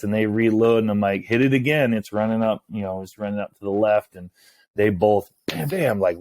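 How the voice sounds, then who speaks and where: A man, a hunting guide, telling a story in casual talk, acting out the lines of others in a hushed voice. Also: low voice. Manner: animated, acts out quoted lines in a hushed voice.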